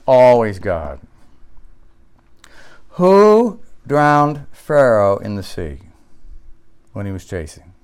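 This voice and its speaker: Clear-voiced preacher man. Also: medium pitch, very animated, drawn-out words, pauses often. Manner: preaching with rising intensity, rhetorical questions. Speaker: pastor. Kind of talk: sermon.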